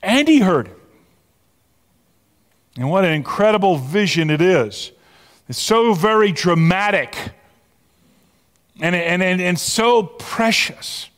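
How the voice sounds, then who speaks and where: A man preaching a sermon as pastor, animated, repeating words as he builds to a point. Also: high-pitched, slow, clean tone. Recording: long hall reverb.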